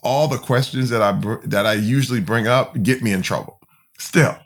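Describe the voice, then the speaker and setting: Earnest man telling his story, mid-pitched. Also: moderate pace. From Flint, Michigan, USA. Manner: earnest, emphatic, with many fillers and restarts. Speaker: podcast guest. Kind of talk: candid personal storytelling.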